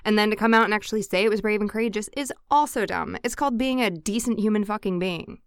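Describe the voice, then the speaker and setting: Deadpan, smooth-voiced woman co-host. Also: medium pitch, fast, no room sound, clean studio sound. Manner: deadpan, sarcastic. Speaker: podcast co-host. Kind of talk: casual banter.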